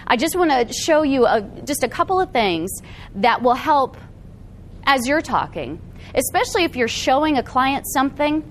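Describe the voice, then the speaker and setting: A woman giving a live seminar talk to an audience in a meeting room, animated and often checking in with the room. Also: high-pitched, moderate pace, a little hiss or hum. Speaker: workshop presenter.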